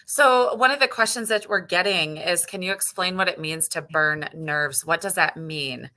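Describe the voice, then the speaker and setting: A woman's voice: on the low side, moderate pace, bright, forceful tone. A woman co-hosting a health talk show, chiming in with short supportive remarks and reading out questions from listeners in a casual way. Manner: brief supportive interjections and relayed listener questions. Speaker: co-host. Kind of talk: casual chat.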